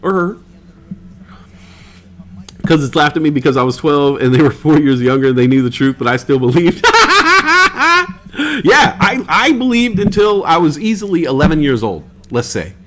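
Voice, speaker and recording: A man's voice: fairly high pitch, lively intonation, normal speed. A man hosting a live stream, chatting casually in a rambling way and swearing freely.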